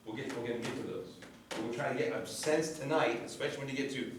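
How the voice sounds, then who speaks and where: A man's voice: mid-range voice, slight background noise. A man coaching a choir, explaining vowel shapes and breathing and singing short examples to demonstrate. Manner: demonstrates vowels by singing, gives quick cues. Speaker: vocal coach. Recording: echoey rehearsal hall from a distance.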